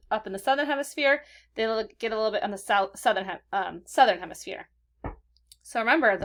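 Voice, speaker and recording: A woman teacher giving a recorded vocabulary lesson to children in an upbeat manner, slowing down to stress key words. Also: medium pitch. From California. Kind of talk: recorded classroom lesson for kids.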